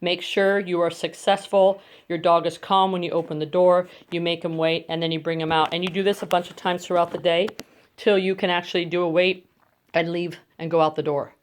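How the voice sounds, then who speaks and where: A woman's voice: lowish voice, level tone, brisk. A woman dog trainer explaining crate training step by step at home, switching to coaxing praise for her dogs, recorded on a phone. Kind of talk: instructional demonstration. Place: home bedroom, indoors. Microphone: phone camera.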